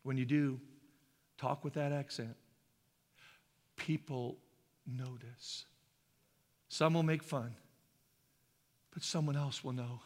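A man from Idaho preaching a sermon as a pastor, shifting between hushed, slow passages and loud, fervent ones. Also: mid-range voice, fairly even intonation. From Boise, Idaho. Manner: impassioned, swings from hushed to loud. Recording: long hall reverb.

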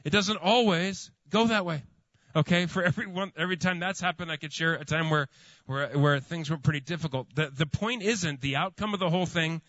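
A man's voice: on the high side, a little fast, a bit bright, no room sound, muffled recording. A man preaching a sermon as pastor, telling a story with many fillers and restarts.

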